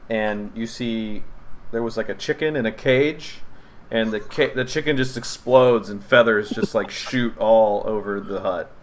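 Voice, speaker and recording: A man's voice: on the low side, a little hiss or hum. A man narrating a tabletop game as game master, in a casual way with lots of "like". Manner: slow, casual narration with filler "like".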